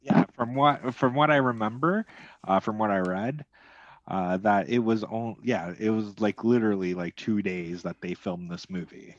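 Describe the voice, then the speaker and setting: Podcast co-host, male, lowish voice, calm and agreeable; dull, dry mic sound. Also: moderate pace, no room sound. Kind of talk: casual film review chat.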